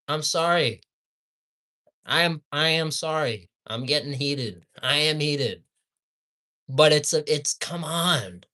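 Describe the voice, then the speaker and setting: A man ranting with heavy swearing as a fast food commentator, swinging between heated shouts and low mutters.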